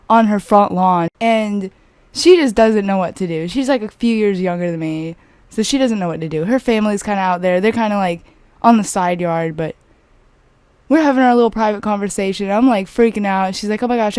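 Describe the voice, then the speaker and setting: A young woman vlogger casually telling a personal story, chatty and animated, full of "like" fillers. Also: medium pitch, dry recording.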